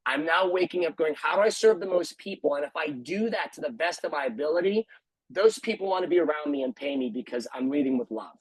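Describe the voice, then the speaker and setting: A man's voice: a little high, lively intonation, fast talker, breathy edge, dry recording, rough recording. A man who runs a martial arts school, talking earnestly on a video call panel and repeating phrases for emphasis.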